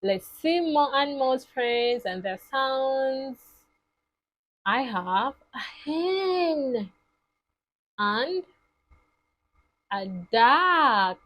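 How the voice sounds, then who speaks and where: A woman teaching toddlers, speaking in a slow, sing-song, exaggerated way. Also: high-pitched, animated, fairly bright tone. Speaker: children's teacher. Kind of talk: toddler lesson.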